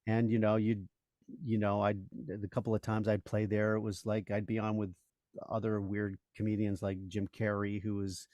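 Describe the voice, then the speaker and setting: A man's voice: lowish voice, flat delivery, moderate pace, a little mellow, no room sound, highs cut off. A man in his sixties, a voice actor and comedian, telling stories as a guest in a casual interview, rambling with many "you know"s and restarts.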